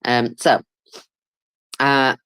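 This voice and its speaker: A woman's voice: very deep voice, little pitch movement, very slow, fairly bright tone, clean tone. A tired, yawning woman gives casual live commentary on a war, chatty and informal, with many fillers and wry, self-mocking asides.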